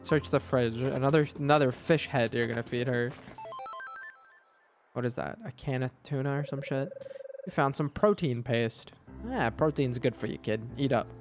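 A man's voice: mid-range voice, normal speed, faint music behind. A man playing a video game, reading its text aloud and commenting casually with offhand swearing. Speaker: gamer. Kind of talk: casual let's-play commentary.

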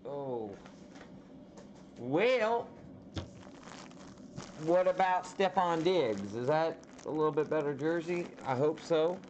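A man hosting a casual card break, calling out players with slow, drawn-out reactions as he opens packs. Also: a little high, lively intonation, darkish tone. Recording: slightly dull audio with faint background noise.

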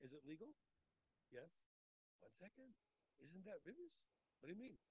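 A man teaching a daily Talmud class, animated and talking in quick restarts, repeating phrases as he works through the text. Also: high voice, a little hiss or hum, low-quality recording. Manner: animated, repeats phrases, acts out the text's speakers. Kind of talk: daf yomi Talmud class.

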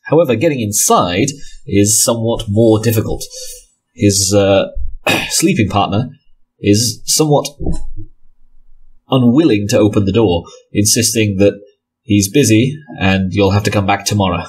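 A man's voice: on the low side, unhurried, darkish tone, slightly rough. A man narrating a tabletop game as game master, with dry banter and casual swearing.

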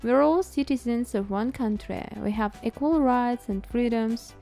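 A woman with a Russian accent talks through a language lesson at a slow, easy pace. Her voice is a little high and mellow. Soft music plays quietly behind her. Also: gravelly. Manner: chatty, playful, asks herself questions. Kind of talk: casual educational talk to camera.

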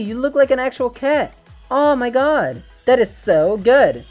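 A man hosting a VR fishing game video, excitable and joking, swearing often as he plays. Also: extremely high pitch, measured pace, faint music behind. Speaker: gaming channel host. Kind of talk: VR game commentary. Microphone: VR headset gameplay capture.

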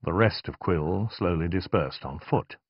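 A man narrating a fantasy novel in a measured, expressive reading. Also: sits low, breathy edge, no echo, highs cut off. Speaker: audiobook narrator. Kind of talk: scripted narration.

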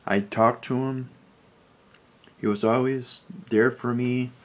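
A man talking in a personal vlog, emotional and close to tears, rambling in a low, subdued voice. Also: fairly even intonation, slow. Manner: tearful, rambling, speaks low and subdued with sudden angry outbursts. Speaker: vlogger.

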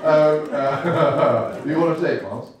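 A man's voice: on the high side, takes it slowly, very noisy. A man hosting a live comedy night, teasing someone in the audience, laughing often and swearing. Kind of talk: crowd work at a live comedy show. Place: comedy club stage. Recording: echoey club from a distance, loud crowd.

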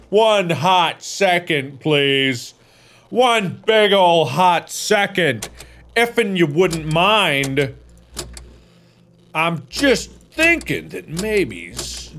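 A man hosting a horror game let's play, excitable and rambling, slipping into silly baby talk. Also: fairly high pitch, slight background noise. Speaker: gaming video host.

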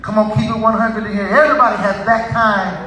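A man preaching a sermon in a very high, piercingly bright voice. He repeats his lines in rising waves and often breaks into shouts. The sound comes from far off in a big, echoing hall with a long reverb. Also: steady tone, fast talker. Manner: builds to shouted repetitive crescendos. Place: church sanctuary.

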